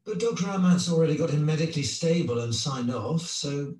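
A man playing a hospital nurse in a scripted listening test dialogue, brisk and practical. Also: on the high side, expressive, darkish tone, natural voice. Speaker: nurse in an exam listening recording. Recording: distant, echoey replayed audio.

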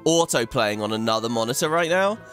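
A man's voice: medium pitch, lively intonation, brisk, fairly bright tone, soft background music. A man hosting a video game playthrough, chatting away and thinking aloud as he plays, laughing often. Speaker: let's play host.

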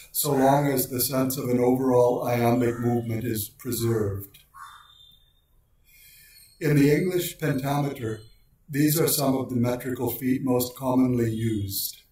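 A man giving a precise, measured lecture on poetic meter and slowing down to recite lines of verse. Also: mid-range voice, warm tone. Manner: precise, deliberate delivery, slows for quoted lines. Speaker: lecturer on poetry. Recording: very echoey room, voice far from mic.

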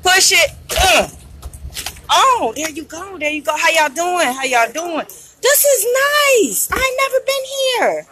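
A woman hosting a live internet radio stream, chatting with vendors on the street into a handheld phone. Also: sits high. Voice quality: loud, chatty, hype. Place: outdoor street event.

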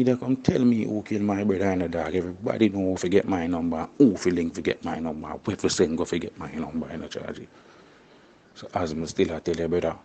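A man's voice: deep voice, brisk, dark tone, slight background noise. A young Jamaican man speaking in patois in a casual interview, tagging his phrases with "you see me" and "you know".

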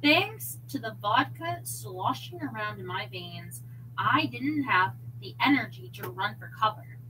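Expressive woman reading a story aloud. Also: medium pitch, unhurried, a little hiss or hum, poor audio. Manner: expressive, with chatty asides to viewers. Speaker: audiobook reader. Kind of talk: reading a novel aloud on a livestream.

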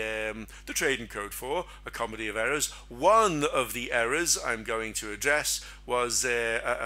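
Middle-aged guy running a trading webinar, chatty and bright, keeps asking rhetorical questions. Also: mid-range voice. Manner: chatty, asks rhetorical questions, acts out silly quoted voices. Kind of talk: casual teaching chat.

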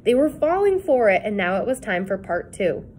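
Woman narrator, read-aloud kids' book, expressive. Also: medium pitch, moderate pace, a little hiss or hum. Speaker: reader.

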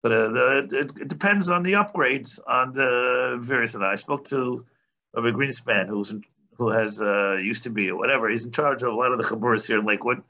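A man's voice: medium pitch, fairly quick, pushed and bright, lo-fi sound. A man teaching a religious class in an informal, joking way, with frequent restarts and asides. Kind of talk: informal lecture.

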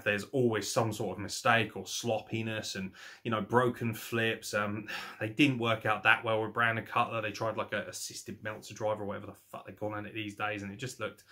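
A young man giving casual, sweary, sarcastic commentary as a wrestling reaction host. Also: mid-range voice. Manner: sweary, sarcastic, animated rants.

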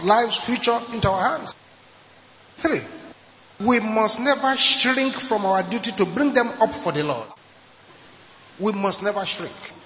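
A man's voice: sits high, a bit bright, a little hiss or hum. A Nigerian man preaching a sermon as pastor, emphatic and repeating his key points. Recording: echoey hall with long reverb.

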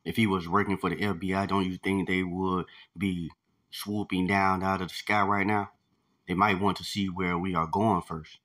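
A man's voice: deep voice, flat delivery, normal speed, a bit bright. A man reading aloud, giving voice to a scornful adult male militant in a tense argument.

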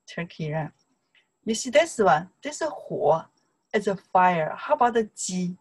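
Slow-talking Chinese-accented woman teacher. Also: on the low side, breathy edge, rough recording. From China. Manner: chatty, repeats words slowly for learners, laughs often, broken English. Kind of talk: casual online language lesson.

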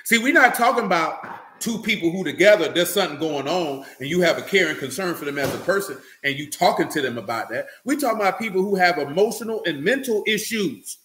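A man's voice: high-pitched, lively intonation, brisk, bright, forceful tone, reverberant, slight background noise. A man giving a loose, conversational sermon, talking directly to listeners and often checking they follow him. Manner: talks loosely and directly, often asking "you know what I'm saying". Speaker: preacher.

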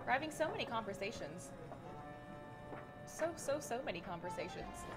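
A young woman playing a game for the first time as a guest, chattering in a bubbly, excitable way. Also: a little high, normal speed, over loud music. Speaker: guest co-player. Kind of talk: casual multiplayer let's play chat.

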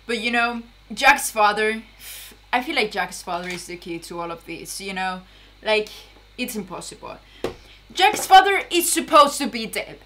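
A young woman reacting to a TV episode in casual commentary, excitable, laughing and swearing often. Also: mid-range voice, normal speed, slight background noise. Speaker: reaction video host.

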